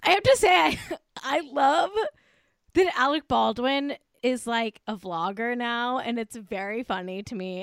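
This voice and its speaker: This podcast co-host has a medium-pitched, clear, resonant voice, captured in a clean studio with no room sound. Chatting casually on a comedy show, she rambles and gushes, says "like" constantly, and laughs a lot.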